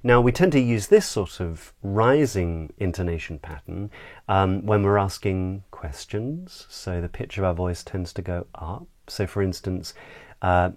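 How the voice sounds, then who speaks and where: A man, a voice coach, giving a measured, explanatory lesson on intonation. He demonstrates pitch glides with sung sounds as he explains. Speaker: voice and speech coach.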